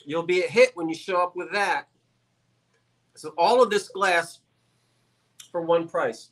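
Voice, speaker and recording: Chatty man giving a joking sales pitch. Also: measured pace, long pauses, a bit bright. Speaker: guest seller on a live sale. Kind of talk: live sale pitch.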